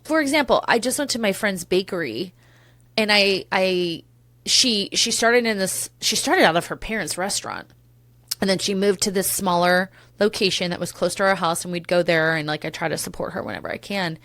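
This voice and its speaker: A woman's voice: medium pitch, moderate pace, fairly bright tone, no room sound. A woman in her thirties hosting a solo podcast, talking candidly and emotionally, swearing casually and drifting into tangents. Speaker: podcast host.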